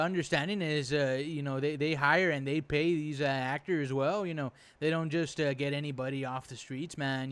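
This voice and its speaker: A man's voice: on the high side, fairly bright tone. A man giving a rambling, profane reaction commentary, indignant and exasperated, with lots of fillers. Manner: indignant, exasperated, swears freely. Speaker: reaction video host.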